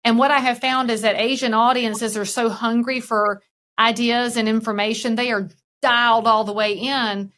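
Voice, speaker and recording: A woman's voice: on the high side, normal speed. A woman with a Southern US accent, a real estate broker talking frankly in a podcast interview. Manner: frank, lively storyteller.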